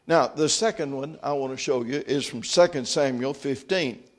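Speaking at a moderate pace with a mid-range voice, this man preaches by reading passages of scripture aloud. Between readings he offers quieter, reflective commentary.

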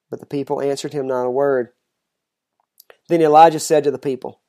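Scripture reader, measured and steady, middle pitch, slows for the solemn lines. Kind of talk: scripture reading aloud.

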